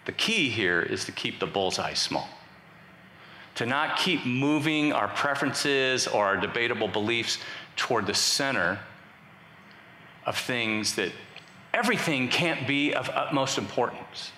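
A man's voice: medium pitch, lively intonation, unhurried, pushed and bright, a little hiss or hum. A man preaching a sermon to a congregation, conversational and joking with the crowd. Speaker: pastor. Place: church sanctuary. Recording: echoey hall, faint ambience.

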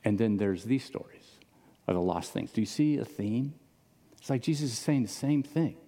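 A man's voice: mid-range voice, animated, normal speed, dark tone. A man preaching a casual, conversational sermon to a congregation in a church auditorium, often asking the audience questions. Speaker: pastor. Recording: long reverb of a large hall.

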